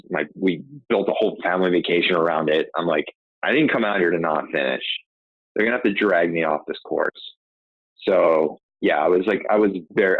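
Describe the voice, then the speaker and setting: A man's voice: sits low, dry recording. A man, a podcast host, casually telling a personal story, rambling with frequent restarts and fillers. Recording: tinny phone-like line, dry.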